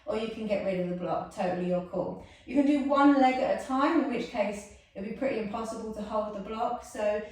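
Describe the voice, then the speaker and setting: A woman's voice: fairly high pitch, fairly quick, hardly any pauses, a little mellow. A woman guiding a yoga class, soothing and chatty, with self-mocking asides. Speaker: yoga instructor. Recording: echoey room, mic far off.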